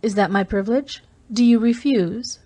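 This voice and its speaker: A woman reading an audiobook voices a fierce, volatile woman captor who mocks and turns shrill when she screams. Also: moderate pace, dark tone, close to an everyday voice. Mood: teasing.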